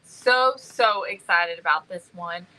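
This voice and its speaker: A woman's voice: on the low side, slow pace, bright, forceful tone, low-quality recording. A woman hosting a craft live stream, bubbly and chatty, greeting viewers by name. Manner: bubbly and chatty, many ums. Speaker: livestream host.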